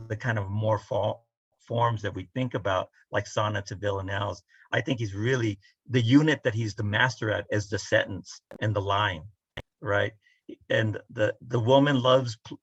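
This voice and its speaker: Husky, lecturing man on a dull video call. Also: lowish voice, a bit bright, no echo. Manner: lecturing, often tags points with "right?". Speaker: poet and roundtable panelist. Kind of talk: casual academic discussion.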